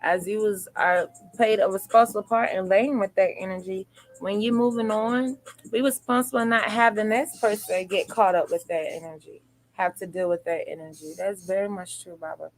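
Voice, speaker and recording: A woman hosting a live stream, reading out viewer comments and reflecting on them in a relaxed, affirming way. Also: medium pitch, normal speed, poor audio. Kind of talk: casual chat.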